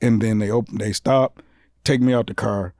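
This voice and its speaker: A man's voice: lowish voice, steady tone, normal speed, darkish tone, no room sound, clean studio sound. A man from Detroit, a comedian guest, telling street stories in casual, profane podcast talk and acting out the voices.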